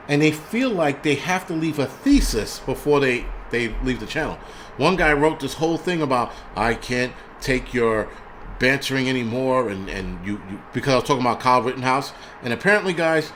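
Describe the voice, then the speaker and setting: Heard over slight background noise, a male livestream host rants in a medium-pitched, fairly bright voice. The talk is loose and full of swearing, false starts and digressions.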